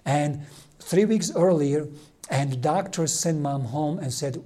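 Male preacher, warm low timbre, storytelling sermon with slow emphatic phrasing and hushed drops.

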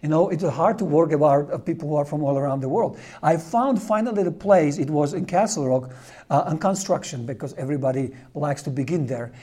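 A man from Czechoslovakia, teaching a class and telling animated stories that he laughs through. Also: a little high, brisk, slightly rough. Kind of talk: storytelling lecture.

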